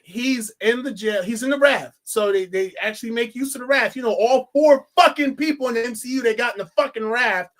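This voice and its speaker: A woman co-hosting a casual film review chat, talking in an animated, profane way and repeating phrases for emphasis. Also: a little high, brisk, hardly any pauses.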